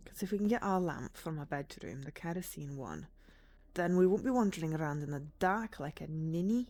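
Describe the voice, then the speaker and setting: A woman's voice: low-pitched, animated, brisk, a little mellow, no room sound. A woman streaming a point-and-click game, chatting casually and reading the game text aloud with joking asides. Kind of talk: casual let's-play commentary.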